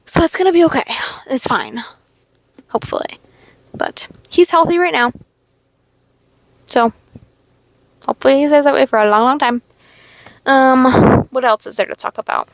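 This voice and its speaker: Teen girl rambling on her own podcast, cusses a lot, kinda high voice, dry close mic. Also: expressive, normal speed, vocal fry, pauses often, dry recording. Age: teens. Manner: rambling, swearing, self-questioning. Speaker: podcast host. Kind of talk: casual stream-of-consciousness monologue.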